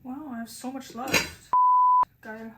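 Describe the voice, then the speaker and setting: A woman's voice: high voice, fairly even intonation, takes it slowly, heavy background noise. A young woman vlogging herself cooking at home, chaotic and swearing as she talks to her phone camera. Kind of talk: casual cooking vlog. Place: home kitchen.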